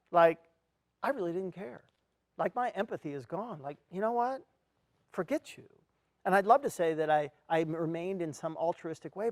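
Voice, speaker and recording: Earnest male speaker, slightly high voice, heartfelt storytelling, close dry sound. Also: no room sound. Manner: earnest storyteller, acts out his own reactions. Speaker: speaker at an education event. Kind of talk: motivational talk with personal story.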